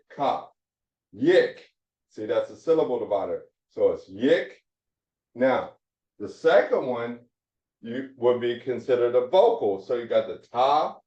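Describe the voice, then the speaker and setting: Guy teaching hebrew phonics real slow, far off the mic in an echoey room. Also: medium pitch, dark tone. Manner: slow, repetitive drilling of syllables. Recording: roomy, distant, dull lo-fi sound.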